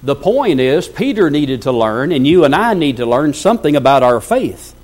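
A man's voice: fairly high pitch, sing-song, moderate pace, a little mellow. A male preacher giving a sermon, reading scripture aloud and asking the congregation rhetorical questions. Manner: reads scripture aloud at length.

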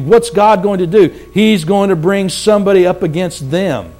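A man preaching a sermon, slowing down for emphasis and dropping his voice low at the ends of phrases. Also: warm tone.

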